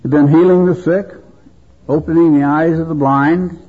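A man preaching a sermon at a convention, speaking in a slow, measured, reverent way. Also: on the high side, fairly even intonation, breathy edge. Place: convention hall. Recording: tinny phone-like convention recording.

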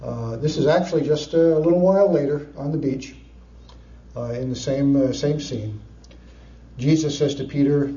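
A man preaching a sermon, retelling scripture with lively storytelling, chuckles and frequent fillers. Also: a little high, normal speed. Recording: distant, dull, echoey room.

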